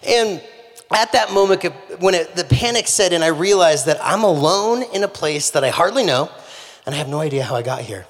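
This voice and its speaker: A man preaching a sermon, telling a humorous story in an animated way. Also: fairly high pitch, a little fast. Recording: long hall reverb.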